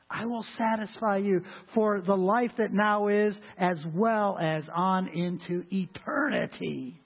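A man preaching a sermon as pastor, with a husky voice and an emphatic delivery that swells loud and high on scripture. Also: steady tone, slow pace, hardly any pauses. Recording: tinny lo-fi phone-like sound.

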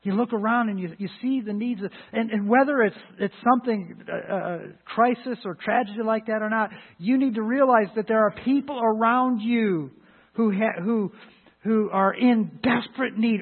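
A man's voice: high voice, moderate pace, breathy edge. Emphatic man preaching over lo-fi line. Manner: emphatic preaching with many restarts and sudden loud rises. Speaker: pastor. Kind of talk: sermon. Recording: phone-like lo-fi line.

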